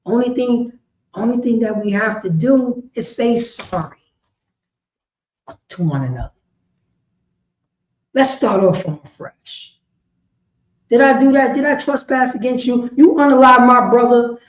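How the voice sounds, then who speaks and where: Woman preacher, high voice, emphatic and repetitive, swings from shouting to quiet, roomy echo. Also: animated, a little slow, pauses often, slight background noise. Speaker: teacher of a religious law class. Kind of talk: impassioned preaching lecture. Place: indoor meeting room. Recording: roomy, slightly dull lo-fi sound.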